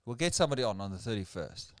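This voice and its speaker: A man's voice: lowish voice, lively intonation, rapid-fire, dry recording, studio quality. A man with a South African accent co-hosting a casual livestream chat, rambling with stammered restarts. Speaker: co-host. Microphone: video call.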